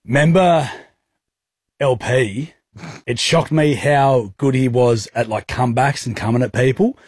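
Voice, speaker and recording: A man's voice: medium pitch, measured pace, a little mellow, breathy edge, no echo. A man with an Australian accent hosting a casual radio show, telling stories and laughing often. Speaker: radio host.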